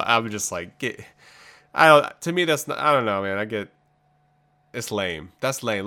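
A man co-hosting a podcast in casual chat, excitable and jokey, laughing a lot. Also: deep voice, normal speed. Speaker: podcast co-host.

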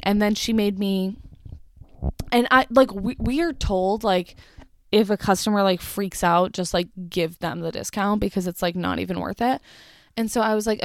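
A young woman tells a retail storytime in an exasperated rant, peppered with "like" and casual swearing. Her voice sits at an ordinary middle pitch, recorded close and dry with no room around it. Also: no room sound. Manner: exasperated, swears, lots of "like" fillers. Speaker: retail cashier telling a story.

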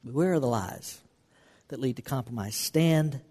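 A man's voice: medium pitch, moderate pace, mellow, slightly rough. A man preaching a sermon as pastor, earnest and repetitive, often restarting phrases for emphasis. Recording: long hall reverb.

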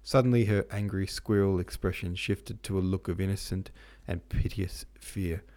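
A man's voice: sits low, normal speed. A man hosting a podcast, reading a classic novel in a casual, slangy retelling. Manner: slangy, relaxed. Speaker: podcast host and reader.

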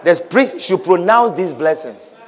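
A man pastor preaching a sermon, repeating shouted blessings and swinging between quiet speech and loud calls. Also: sits high, expressive, measured pace.

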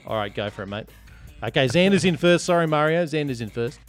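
A man's voice: on the high side, expressive, brisk, faint music behind. A man hosting a casual podcast, joking and teasing as he reads listener reviews. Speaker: podcast host. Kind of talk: casual chat.

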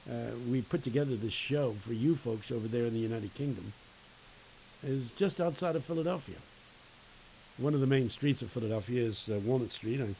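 A man who teaches at a university, preaching a sermon with emphatic, folksy storytelling and dramatic pauses. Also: medium pitch, creaky, dark tone, a little hiss or hum, poor audio.

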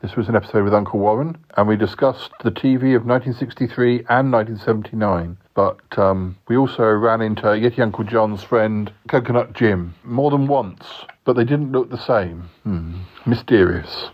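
A man hosting a podcast, narrating a year review in a relaxed, dry way. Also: fairly low pitch, normal speed, hardly any pauses, highs cut off. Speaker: podcast host.

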